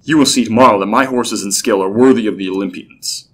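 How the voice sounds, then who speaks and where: A man's voice: lowish voice, fast talker, fairly bright tone, slight background noise, lightly acted. A man voicing a proud, indignant young chariot racer in a storybook reading. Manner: indignant, boastful.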